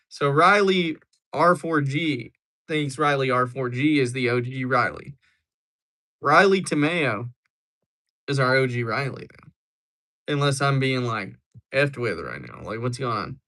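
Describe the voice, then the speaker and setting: A man's voice: medium pitch, animated, a little slow, long pauses, pushed and bright. A young man hosting a livestream, chatting casually and joking as he answers viewers. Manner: joking, rambling replies to chat. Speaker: livestream host.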